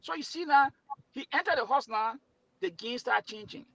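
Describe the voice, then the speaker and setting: A man's voice: very high voice, normal speed, creaky, fairly bright tone, no echo, low-quality recording. A man arguing as a commentator on a political talk show, retelling events and repeating words. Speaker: panel guest, right-leaning commentator. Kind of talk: heated political debate.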